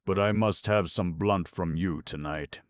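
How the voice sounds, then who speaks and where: A man's voice: low-pitched, a little slow, no room sound, clean studio sound. A man doing a growling, brutal burglar. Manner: growling, threatening, disgusted. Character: brutal surly male burglar, sick and bitter.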